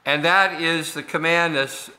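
A man preaching a sermon, slow and deliberate, with frequent pauses and fillers as he explains scripture. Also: fairly high pitch, steady tone, sharp tone. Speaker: pastor.

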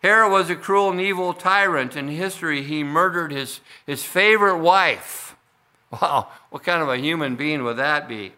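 A man preaching a sermon, explaining scripture in a measured way with frequent fillers and restarts. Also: a little high, bright, forceful tone. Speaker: pastor.

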